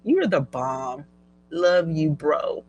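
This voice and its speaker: A middle-aged woman hosting a casual live stream, chatty and animated, laughing often as she reads viewer comments. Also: deep voice, takes it slowly, husky, dull audio. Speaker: livestream host.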